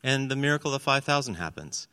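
A man's voice: mid-range voice, sing-song, quick pace, pushed and bright, clean tone. A man preaching a sermon in a church hall, telling the story animatedly and acting out the voices in it. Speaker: pastor. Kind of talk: sermon with scripture reading. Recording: long reverb of a large hall.

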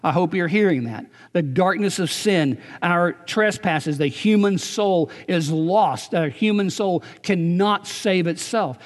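A male pastor preaching a sermon earnestly, often checking in with his listeners by asking "right?". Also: high voice. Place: church sanctuary. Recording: long church reverb.

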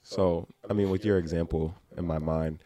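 A man, a podcast co-host, chatting casually in a relaxed, agreeable way. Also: low voice, normal speed, no room sound. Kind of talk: casual chat.

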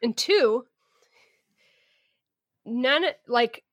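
A woman co-hosting a podcast, giving firm opinions in a halting, deliberate way. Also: fairly high pitch, lively intonation, fairly bright tone, no room sound, clean studio sound. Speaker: podcast co-host. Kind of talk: casual book discussion.

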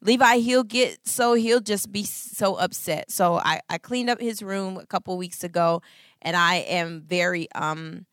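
A woman in her thirties giving a Christian talk on marriage, expressive and full of acted-out voices. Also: mid-range voice, no echo, studio quality. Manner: expressive, acts out voices, laughs. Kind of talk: animated storytelling talk.

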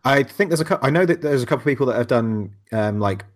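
A man's voice: medium pitch, animated, quick pace. A man co-hosting a podcast, chatting in a laid-back way, swearing casually and laughing often. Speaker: podcast co-host, blacksmith. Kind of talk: casual chat.

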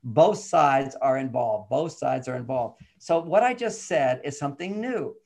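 A man's voice: medium pitch, measured pace, gravelly. An older man, a guest on a podcast, explaining relationships in casual chat and acting out the voices of the people in his stories. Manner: animated storytelling, acts out quoted voices.

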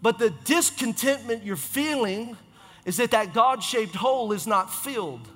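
A man preaching as a pastor, in an impassioned, repetitive style with quick self-corrections. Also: extremely high pitch, animated, a bit bright, in a large hall, faint music behind. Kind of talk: sermon.

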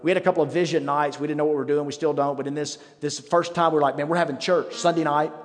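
A middle-aged man preaching a sermon as pastor, conversational and self-mocking, with dramatic pauses. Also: a little high, steady tone. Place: church sanctuary. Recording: reverberant church hall with faint music.

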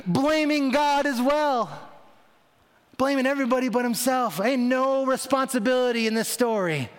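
A man's voice: very high-pitched, moderate pace. A man preaching a sermon and retelling a story with dramatic voicing of its characters. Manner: dramatic, voicing biblical figures in quotes. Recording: long reverb of a large hall.

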